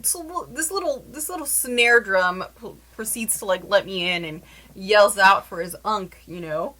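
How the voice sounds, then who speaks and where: A young woman telling a story to her camera in a casual, animated way, with many "like" fillers. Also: medium pitch, normal speed, rough recording. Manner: chatty, animated, lots of "like" fillers.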